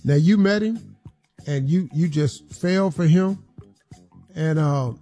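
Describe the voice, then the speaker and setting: A man hosting a talk radio show, telling a story in an animated, emphatic way. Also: a little high, slow, faint music behind.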